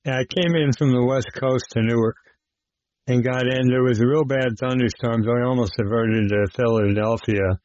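A man, an airline pilot, telling a personal story in an interview, plain-spoken and steady with frequent fillers. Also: medium pitch, normal speed, no room sound. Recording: dull lo-fi sound.

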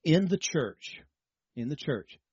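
A man preaches in a husky, breathy voice, explaining patiently and tossing rhetorical questions to the congregation. The sound is dry and a little dull, as if recorded on modest gear close to the mic. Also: fairly high pitch, sing-song, takes it slowly, darkish tone, dry recording. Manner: teaching, repeats words, asks rhetorical questions. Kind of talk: sermon.

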